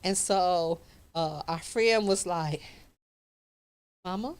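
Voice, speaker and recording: A woman's voice: on the low side, slow pace, smooth. A woman, hosting a radio talk show, tells a story in casual chat and acts out the voices in it. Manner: animated, laughing, acts out quoted voices.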